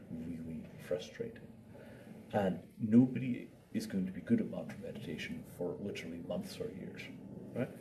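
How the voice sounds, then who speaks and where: A meditation teacher with a low, warm voice gives an informal talk, voicing inner thoughts aloud and repeating words to drive his points home. He's recorded from a distant mic, with faint ambient noise in the background.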